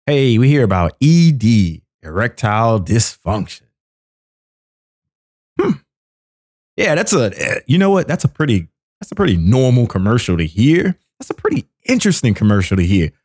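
A man's voice: dry recording, studio quality. A man hosting a show, riffing casually and comically, repeating phrases and acting out quotes. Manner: animated, repetitive riffs, acts out quotes in high voices. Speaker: podcast host. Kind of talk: casual comedic monologue.

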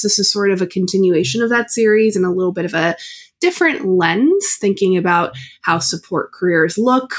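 A woman in her thirties hosting a podcast, chatting in a friendly, casual way and laughing often. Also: mid-range voice. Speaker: podcast host. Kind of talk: casual interview chat.

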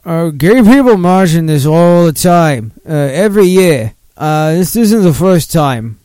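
A man putting on the Boston accent of a gruff older male city mayor who defends himself. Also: fairly high pitch, animated, measured pace, dark tone, no room sound, voice pushed up. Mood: defensive.

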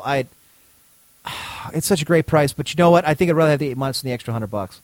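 A man's voice: fairly high pitch, fast talker, a little mellow, no room sound. A man telling a long story in casual chat, acting out both sides of the dialogue and swearing freely. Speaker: podcast co-host.

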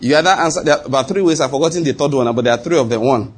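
A middle-aged pastor preaches to his congregation, asking rhetorical questions and climbing higher in pitch whenever he presses a point. He speaks quickly with a breathy edge.

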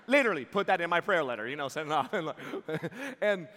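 A young man speaking as a camp preacher, telling stories with lively quoted voices and frequent laughter. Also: a little high, normal speed. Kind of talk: youth camp sermon. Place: large hall before a live audience. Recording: hall reverb.

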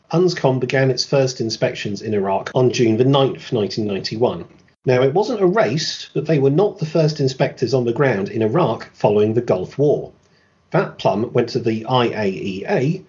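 A man delivers scripted history narration in a lively, swooping voice, peppering it with dry, sarcastic remarks. The recording sounds muffled and lo-fi. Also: medium pitch. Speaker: podcast host.

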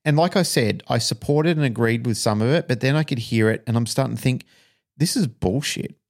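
A man's voice: medium pitch, fast, a little mellow. A man, a dog trainer co-hosting a podcast, telling a story frankly and emotionally, with some swearing.

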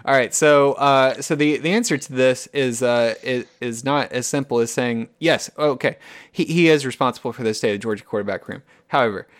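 A man's voice: medium pitch, normal speed, hardly any pauses, no room sound. A man hosting a podcast in casual chat, easygoing and steering the talk along. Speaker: podcast host.

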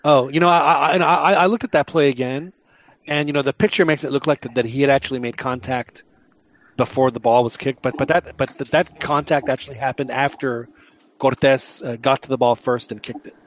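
A man co-hosting a soccer podcast, talking through the numbers in a halting way, repeating words. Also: medium pitch, fairly even intonation. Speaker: podcast co-host. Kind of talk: casual sports chat.

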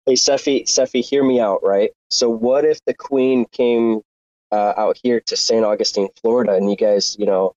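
A man's voice: on the low side, steady tone, moderate pace, a little mellow, no room sound. A man jokes around in a friendly, rambling way on an online audio chat. His mic sounds dull and lo-fi, and the sound is dry and close. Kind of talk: casual joking chat.

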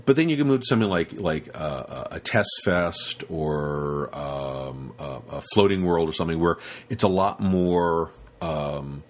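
Man, deep low voice, casual podcast talk, rambling, repeats himself. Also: expressive, unhurried, few pauses. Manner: rambling, repeats words, acts out quoted students. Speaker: podcast host and rope teacher.

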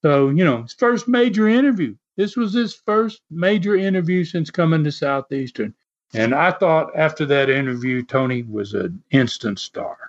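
A man's voice: fairly high pitch, expressive, moderate pace. An older man hosting a podcast, telling stories in a rambling way with many fillers and restarts. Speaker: podcast host and former wrestling promoter. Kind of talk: casual storytelling. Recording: dull lo-fi audio.

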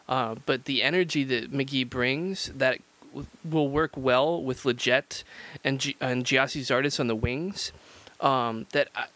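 A man co-hosting a casual sports podcast, trading relaxed banter and quick agreements. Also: mid-range voice. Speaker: podcast co-host.

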